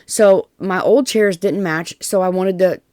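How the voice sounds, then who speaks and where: A woman's voice: mid-range voice, unhurried, darkish tone, dry recording, studio quality. A woman with a Southern US accent, narrating her craft project in a chatty, folksy voiceover, rambling with fillers and asides. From Tennessee. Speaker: DIY crafts vlogger.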